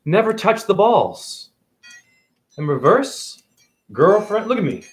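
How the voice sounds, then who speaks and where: A man in his forties preaches and rants at his audience during a phone livestream, speaking slowly in a high, very animated voice with faint music behind him. Combative and prone to swearing, he keeps firing questions at his viewers in a rambling monologue.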